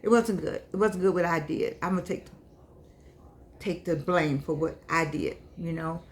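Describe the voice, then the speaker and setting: A woman's voice: on the low side, moderate pace, background noise. An older woman talking casually to her viewers, chatty and scolding, who repeats herself and speaks slightly unclearly because she is missing teeth. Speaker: vlogger and author. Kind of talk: casual monologue to camera.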